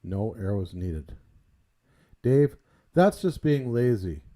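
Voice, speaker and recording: A man in his sixties from Canada with a big booming voice, co-hosting a casual livestream chat and ranting bluntly with plenty of swearing. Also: very animated, slow pace, mellow. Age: 60s. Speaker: livestream co-host.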